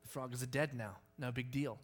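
A man preaching a sermon, animated and playful, acting out scenes with sudden yelps. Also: mid-range voice, moderate pace, soft background music. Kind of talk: sermon with lively storytelling.

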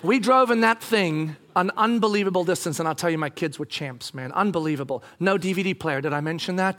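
A middle-aged male pastor tells a family story from the pulpit, joking as he goes and slipping into other people's voices. His voice sits high for a man. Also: a little fast, hardly any pauses. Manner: animated, jokey, acts out voices. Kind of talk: sermon storytelling.

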